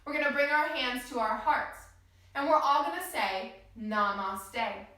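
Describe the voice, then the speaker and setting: A woman teaching a children's yoga class, guiding gently and encouragingly with slow, soothing instructions. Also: high-pitched, distant mic. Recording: echoey room, voice from off-mic.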